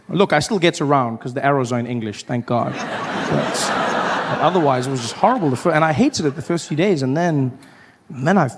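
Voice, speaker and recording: A man from South Africa with a South African accent, doing animated stand-up storytelling and breaking into loud acted outbursts. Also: a little high. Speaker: stand-up comedian.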